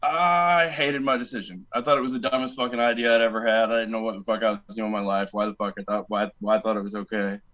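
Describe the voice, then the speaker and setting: A man on a podcast telling casual, animated stories about basic training, swearing a lot and acting out the people he quotes. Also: lowish voice, fast, few pauses, highs cut off. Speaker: podcast guest, army veteran. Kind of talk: casual storytelling.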